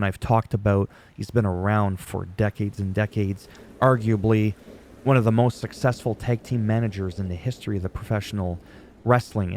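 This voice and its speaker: A man's voice: lowish voice, darkish tone, a little hiss or hum. A middle-aged man hosting a casual wrestling recap, rambling and chatty, joking at his own expense. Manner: rambling, chatty, laughs at himself.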